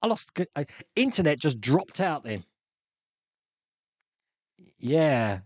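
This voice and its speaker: An Australian man with a fairly high, very animated voice hosts a live stream at a slow pace in a dry recording. He chats casually and rambles through viewer comments, restarting often and chuckling frequently.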